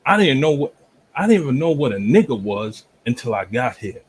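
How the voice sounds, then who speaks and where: Husky man arguing heatedly. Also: medium pitch, big pitch swings, fairly quick, rough recording. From Jamaica. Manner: forceful, repeatedly talks over interruptions. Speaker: debater in an online argument. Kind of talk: heated debate.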